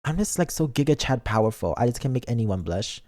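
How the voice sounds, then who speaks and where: A man's voice: mid-range voice, very animated, a little fast, a little mellow. A man streaming a game as a VTuber, chatting casually with his viewers in a playful, goofy, mock-defensive way.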